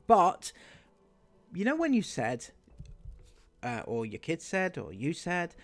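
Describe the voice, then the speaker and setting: A man's voice: fairly high pitch, sing-song, slow. A man doing sarcastic commentary on online clips, mocking and laughing at what he plays. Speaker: commentary YouTuber.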